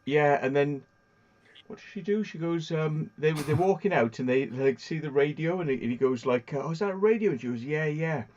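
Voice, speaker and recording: A man's voice: a little high, moderate pace, slight background noise. A man chatting casually as a podcast host, retelling movie scenes with lots of animation. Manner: animated storytelling, acting out film scenes. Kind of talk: casual chat. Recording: dull lo-fi audio.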